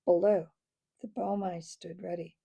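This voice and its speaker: Woman with a gravelly voice reading a storybook aloud. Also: on the low side, measured pace. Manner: expressive storytelling with small slips. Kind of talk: children's book read-aloud.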